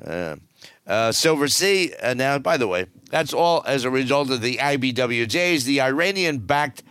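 A man's voice: medium pitch, lively intonation, moderate pace, a bit bright, clean tone, no echo, studio quality. An older man hosting a cruise news show, giving blunt, rambling and jokey commentary full of fillers.

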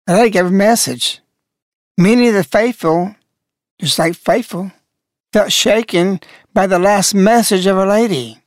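A woman narrating a devotional reflection in a measured, thoughtful reading. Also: mid-range voice, no echo, studio quality.

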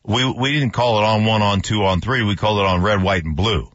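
A relaxed former lineman co-hosts a sports radio show, agreeing easily and adding his own stories. His voice is fairly low. The sound is dry and a little muffled. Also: a little fast, no room sound. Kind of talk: casual sports radio chat.

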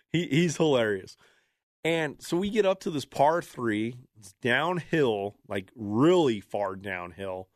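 Lively man telling a story. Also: mid-range voice, dry recording, clean studio sound. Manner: animated, laughing, acts out shouted quotes. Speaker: radio producer and podcast host. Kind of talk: casual solo storytelling.

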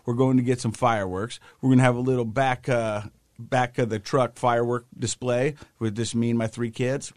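A man's voice: medium pitch, normal speed, no room sound, studio quality. A man co-hosting a casual talk show, telling a story with energy and acting out the people in it. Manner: animated storyteller, acts out the people in his story. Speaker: co-host. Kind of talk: casual chat.

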